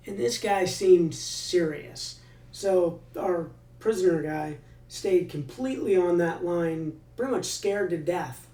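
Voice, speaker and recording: Brief: relaxed veteran man storyteller, mellow and fairly high voice, roomy room a bit off-mic. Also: unhurried, distant mic. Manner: relaxed, many fillers and restarts. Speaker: army veteran telling a story. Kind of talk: casual storytelling.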